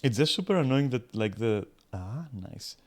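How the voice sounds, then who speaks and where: A streamer narrates his video game play to viewers in a casual way, cracking crude jokes and swearing often. His voice is medium-pitched with lively intonation, and he talks at a normal speed. Faint game music plays in the background.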